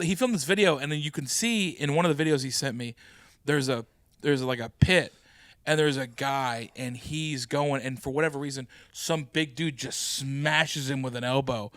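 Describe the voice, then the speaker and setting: A man hosting a podcast, telling stories in casual chat and acting out quotes loudly. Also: fairly high pitch, moderate pace, no echo, studio quality. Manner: animated storyteller, loud acted-out quotes. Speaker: podcast host.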